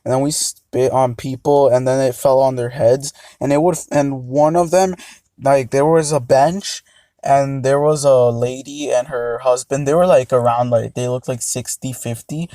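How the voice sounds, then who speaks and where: Young guy, casual storytime, rambling with lots of ums, mellow tone, dry close sound. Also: medium pitch, steady tone, normal speed, dry recording. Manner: rambling, hesitant, many fillers. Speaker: vlogger.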